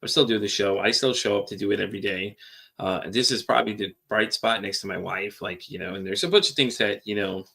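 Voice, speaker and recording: A man's voice: fairly low pitch, fairly quick, gravelly, sharp tone, breathy edge. A man hosting a podcast, talking candidly and at length in a rambling, repetitive way with casual swearing. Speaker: podcast host. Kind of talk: candid personal monologue.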